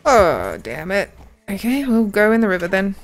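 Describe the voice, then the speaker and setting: A woman's voice: medium pitch, sing-song, moderate pace, a little hiss or hum. A woman streamer giving live commentary on her gameplay, laughing often and calling out to other players and her chat.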